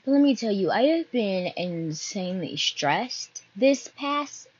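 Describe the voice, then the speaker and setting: A woman's voice: medium pitch, animated, takes it slowly, husky, dry recording, muffled recording. A young woman hosting her own podcast, chatting casually and rambling from one topic to the next. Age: young adult. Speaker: podcast host.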